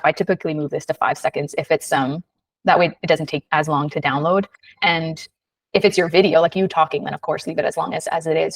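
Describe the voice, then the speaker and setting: A woman runs a live webinar tutorial over a video call, chatty and quick, with frequent "um"s and "right?" checks. Her voice sits a little low and sounds dry, slightly back from the microphone. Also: dry recording, far from the mic. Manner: chatty, fast, many fillers and "right?" tags. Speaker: webinar host, design instructor. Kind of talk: live screen-share tutorial.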